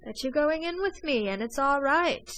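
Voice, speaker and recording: A woman reading an audiobook voices an excitable young male gentleman smuggler, talking urgently. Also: high-pitched, moderate pace, no echo, voice pushed up, poor audio. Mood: pleading. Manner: urgent, pleading.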